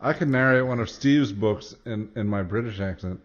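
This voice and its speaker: A man's voice: fairly low pitch, moderate pace, highs cut off. A man on a casual podcast who talks playfully.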